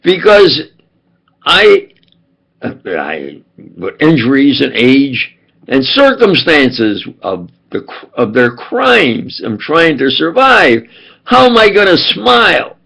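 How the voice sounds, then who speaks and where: An older man with a New York accent, talking in a halting, wandering monologue full of fillers and restarts. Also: a little high, huge pitch swings, creaky, fairly bright tone, breathy edge, low-quality recording. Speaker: video blogger. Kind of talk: rambling monologue.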